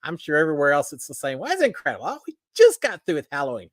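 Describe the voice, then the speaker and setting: A middle-aged man with a Texan drawl chats easily as a livestream host, greeting viewers by name. His voice sits a touch high and swings lively up and down. The sound is close and dry, with no room in it. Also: racing, dry recording. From Texas. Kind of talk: casual livestream chat.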